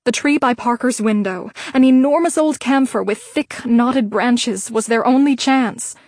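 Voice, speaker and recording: Brief: female audiobook narrator, measured reading, slightly high pitch, dead-dry booth sound. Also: no room sound. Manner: steady, measured storytelling. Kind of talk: scripted narration.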